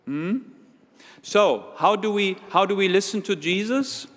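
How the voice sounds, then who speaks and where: A man's voice: high voice, a little slow, a bit bright. A man leading an interactive children's sermon in a church, playful and full of questions to his young listeners. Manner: playful, questioning the audience, walking around while talking. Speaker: preacher leading a children's talk. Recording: long hall reverb.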